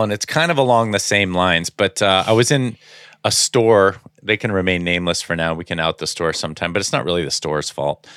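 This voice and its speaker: A man co-hosting a podcast in casual chat, telling animated stories and jumping into high voices to act out other people. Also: smooth, no echo, studio quality. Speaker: podcast co-host.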